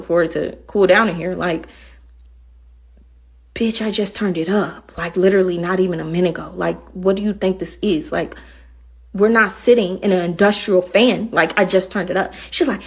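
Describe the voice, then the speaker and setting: Rideshare driver, woman, husky, indignant storyteller. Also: medium pitch, moderate pace. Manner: indignant, acting out both sides of the argument. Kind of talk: venting story to camera.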